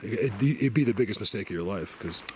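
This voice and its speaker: A man's voice: fairly low pitch, animated, fast, noisy background. A man vlogging while hiking in snowy mountain woods, out of breath, chatty and rambling, laughing often. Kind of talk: outdoor hiking vlog.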